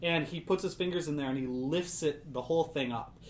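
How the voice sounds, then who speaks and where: A man's voice: a little high, brisk. A man narrating a tabletop game as game master, rambling with many restarts. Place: studio room. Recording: echoey room with faint noise.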